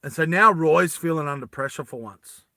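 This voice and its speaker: A man spins a movie plot for his viewers, restarting and doubling back as he goes. His voice sits a little high and sounds bright. The recording is dry and close. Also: moderate pace, creaky, no room sound. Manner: rambling, animated, many restarts. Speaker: streamer pitching a film story. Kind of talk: casual storytelling to a live chat.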